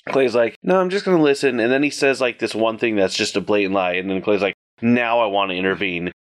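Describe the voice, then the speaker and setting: A man co-hosting a casual podcast chat about a tabletop game, relaxed, with dry jokes. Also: fairly low pitch, brisk. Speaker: podcast co-host.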